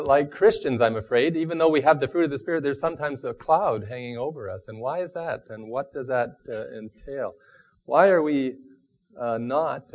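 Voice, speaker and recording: Halting, thoughtful male preacher. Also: mid-range voice, a little mellow. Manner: halting, thoughtful, self-deprecating. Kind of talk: sermon. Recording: dull lo-fi recording.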